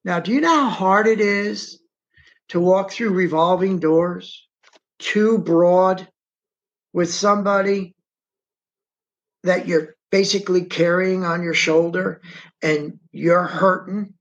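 A man being interviewed as an eyewitness. He tells his story in dramatic first person, with emphasis, and pauses to direct someone moving a map on screen. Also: sits high, muffled recording.

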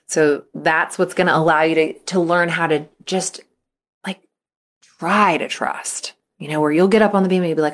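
Lowish-voiced woman coach rambling on a podcast, lots of "like", jumps way up when she acts stuff out. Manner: chatty, lots of "like" fillers; acts out quotes with sudden high bursts. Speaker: mental skills coach for young athletes. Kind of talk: casual advice podcast.

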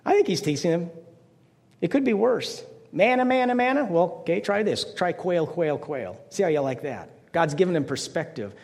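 A man's voice: on the high side, lively intonation, normal speed, gravelly, a little mellow, long reverb tail. An older man preaching a conversational sermon as pastor, playful, slipping into mock voices to make his points.

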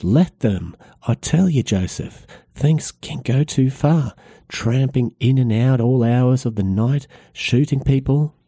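A man's voice: warm tone, breathy edge, dry recording, clean studio sound. A man reading aloud, voicing a stubborn, indignant middle-aged village woman in a raised voice. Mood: angry. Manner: raised pitch, drawn-out protesting delivery. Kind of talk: read-aloud novel passage.

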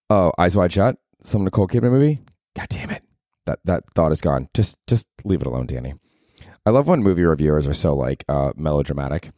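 Low-voiced male podcast host, profane and rambling, dry close sound. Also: big pitch swings, quick pace, dark tone, no room sound. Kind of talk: casual solo podcast monologue. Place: his apartment at night.

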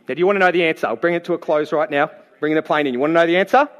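A man preaching a sermon, telling the story in a lively, playful way and acting out the people in it. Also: on the high side, racing, lo-fi sound. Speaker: pastor.

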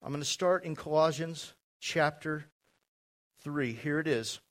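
Man, pastor, sermon, slow deliberate delivery, slightly high voice. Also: a bit bright. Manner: slow, emphatic preaching with asides to the congregation.

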